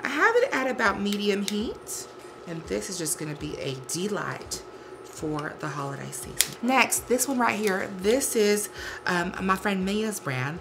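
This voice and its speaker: A man's voice: sits high, bright, forceful tone, full character voice. A man performing a bubbly, sassy woman who hosts a holiday cooking show, cheerful and campy, calling the viewers "y'all".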